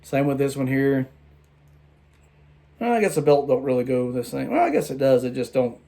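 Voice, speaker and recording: A man at a middle pitch talks through his toy collection in a loose, casual vlog. He is tired from the late hour and rambles, stumbling and restarting his sentences as he goes. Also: big pitch swings, normal speed, gravelly, dark tone.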